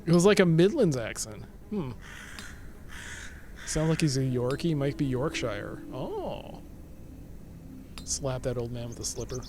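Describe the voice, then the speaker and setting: A man's voice: mid-range voice, very animated, unhurried, long pauses, darkish tone, a little hiss or hum. A man casually commenting and joking while streaming an adventure game. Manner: playful, joking. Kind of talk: live let's play commentary.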